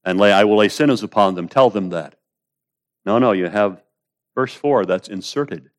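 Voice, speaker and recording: Low-voiced preacher, swinging loud to hushed. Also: male voice, normal speed. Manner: rises to loud, pleading pitch when voicing prayers, then drops low and quiet; addresses listeners as beloved. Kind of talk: expository sermon.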